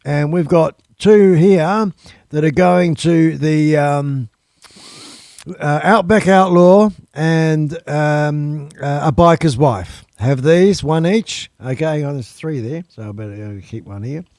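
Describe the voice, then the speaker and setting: A man's voice: a little high, takes it slowly, darkish tone, no room sound, clean studio sound. A man hosting a live stream, chatting casually and rambling with lots of ums and uhs. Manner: easygoing, swears casually.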